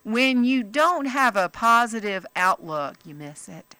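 Bright-voiced chatty woman comedian. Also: measured pace, smooth, dry recording. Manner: animated storyteller, jumps into high voices for quoted people. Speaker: comedian and author, interview guest. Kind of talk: casual interview chat.

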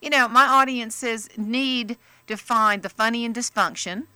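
A middle-aged woman comedian, telling stories in a lively interview and jumping into high voices when she quotes people. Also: measured pace, clear, resonant tone, no room sound. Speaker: comedian and author, interview guest. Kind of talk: casual interview chat.

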